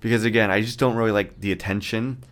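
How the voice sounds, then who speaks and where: Man in his thirties, podcast host, low-pitched, profane sarcastic rant, fairly monotone. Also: quick pace. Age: 30s. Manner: self-described monotone delivery. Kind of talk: casual solo podcast rant.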